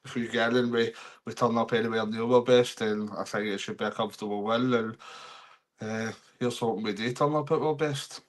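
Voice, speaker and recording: A Scottish man co-hosting a casual football podcast, easygoing and quick to laugh. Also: mid-range voice, fairly even intonation. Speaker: podcast co-host.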